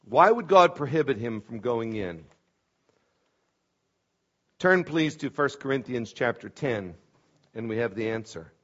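A man preaching a sermon in a church, pressing hard on key words and then dropping to quiet asides. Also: mid-range voice, expressive, measured pace, pauses often. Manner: emphatic, swings between loud stresses and quiet asides. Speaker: pastor. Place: church sanctuary. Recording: dull lo-fi sound.

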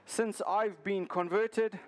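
A preacher briefly doing a cheerful Cockney drummer, bursting with joy. The voice jumps up high and loud, with a Cockney accent. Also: male voice, steady tone, slow pace. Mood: joyful.

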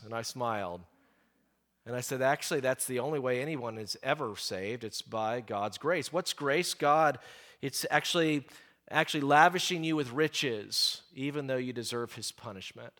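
A middle-aged man preaching a sermon, stressing key phrases slowly and often repeating words as he talks. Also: mid-range voice, expressive, fairly bright tone.

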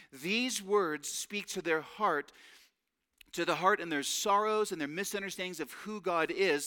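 A man's voice: sits high, a bit bright, smooth. A man preaching a sermon, earnest and emphatic, drawing out key phrases.

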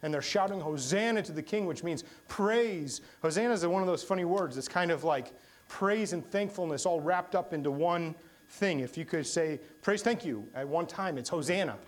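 A man's voice: on the high side, normal speed. A man preaching a sermon, telling stories with humor and rising to sudden bursts of emphasis. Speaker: pastor.

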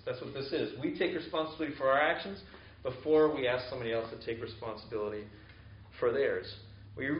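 A man gives an earnest, conversational sermon at an even middle pitch, running through long spoken lists. The sound is roomy with a strong echo, and the recording is a little dull and muffled. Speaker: pastor. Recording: echoey, slightly dull room recording.

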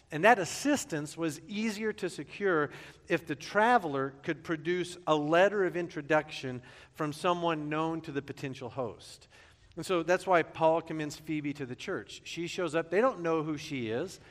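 A man's voice: a little high, a bit bright, in a large hall. A man preaching a sermon as pastor, conversational and joking, sometimes stumbling and repeating words.

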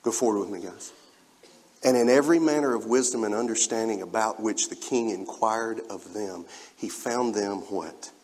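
A man's voice: on the low side, moderate pace. Man preaching in a reverberant hall. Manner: emphatic, rising and falling in loudness, with spoken asides to the congregation. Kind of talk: sermon. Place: church sanctuary.

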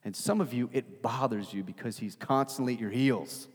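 A man's voice: medium pitch, moderate pace, husky. A man preaching a sermon as pastor, emphatic and rhetorical, often tagging his points with "right?". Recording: long hall reverb.

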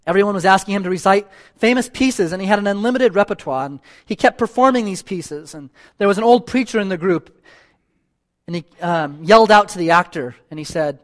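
A man's voice: sits high, fairly quick. A man preaching a sermon as a church elder, earnest and pleading, repeating phrases for emphasis and closing in prayer. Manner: ends in a spoken prayer.

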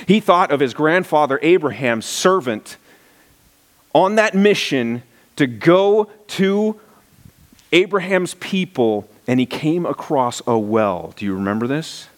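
A man's voice: on the high side, expressive, a little slow. A male pastor preaching a sermon, telling the story with animation and reading scripture aloud.

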